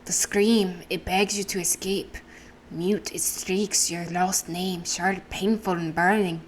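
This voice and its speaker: A woman voicing a cryptic, prophetic female seer in a game, with a put-on Irish accent, speaking slowly and solemnly. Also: lowish voice, fairly even intonation, a little hiss or hum. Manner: slow, solemn, riddling. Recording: game music behind. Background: game music.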